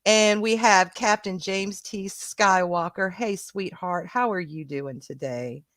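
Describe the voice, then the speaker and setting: Bright chatty Southern woman. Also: medium pitch, slow, dry recording. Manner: chatty, calls viewers sweetheart and honey. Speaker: co-host of a stream. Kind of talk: casual livestream chat.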